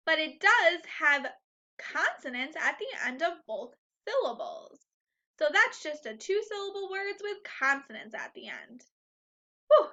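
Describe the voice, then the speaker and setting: A woman teacher leading a phonics lesson for young children, speaking slowly and clearly, repeating each word three times and cheering the class on, on a slightly dull, lo-fi recording. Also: high voice, sharp tone. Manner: encouraging, upbeat.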